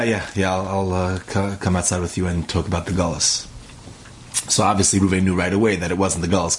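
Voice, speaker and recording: A man with a very low voice narrates in a relaxed, conversational manner. He voices the characters' dialogue himself as the story moves along, with faint background hiss behind him. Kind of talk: casual spoken storytelling.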